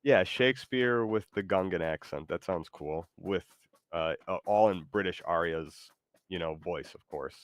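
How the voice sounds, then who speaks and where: Rambling excitable male streamer, very deep voice, dry mic. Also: normal speed, no echo. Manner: excitable, rambling, loud bursts. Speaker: streamer host. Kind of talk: casual livestream chat.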